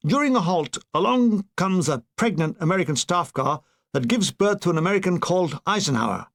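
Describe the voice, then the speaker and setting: A man's voice: high voice, animated, fairly quick, gravelly. An older man reading his own war memoir aloud, with dry comic timing. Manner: dry comic delivery with brief put-on voices. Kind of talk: audiobook narration.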